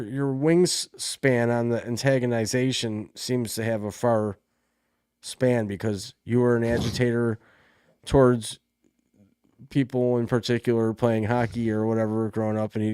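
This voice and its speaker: A man co-hosting a casual talk show, pressing with quick, joking questions. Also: medium pitch, darkish tone, smooth, no room sound, clean studio sound. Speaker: co-host. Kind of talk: casual chat.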